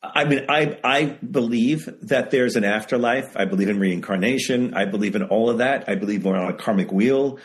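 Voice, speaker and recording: A man being interviewed over a video call, telling stories in an animated, emphatic way and repeating phrases for effect. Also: medium pitch, normal speed, few pauses. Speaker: memoir author guest. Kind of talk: casual interview storytelling.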